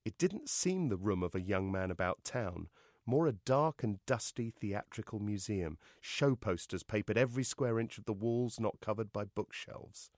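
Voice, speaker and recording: Expressive man reading his novel. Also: fairly low pitch, normal speed, no echo, clean studio sound. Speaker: author.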